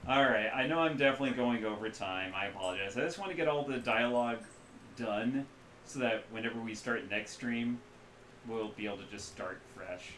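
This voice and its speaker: A man's voice: medium pitch, brisk, a bit bright, a little hiss or hum. A man serving as game master, narrating a tabletop role-playing game casually, dropping apologetic asides between scene descriptions. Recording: roomy echo with faint ambience.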